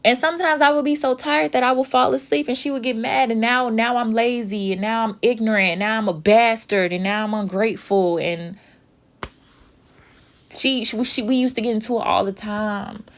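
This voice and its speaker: A woman's voice: fairly high pitch, fairly even intonation, moderate pace. A young woman vlogger, telling a personal story in a frank, emotional way and swearing freely.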